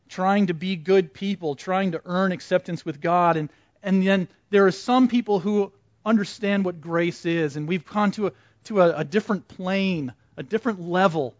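An unhurried man with a fairly high voice teaches an interactive Bible class, keeping it conversational by posing questions and repeating the group's answers. The recording is close and dry, sounding dull and muffled.

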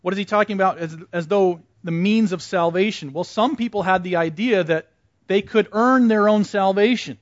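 In a relaxed, interactive Bible class, the teacher asks the group questions and echoes back their replies. He speaks at a moderate pace in a fairly high voice, and the audio is muffled and dull with a dry, close feel.

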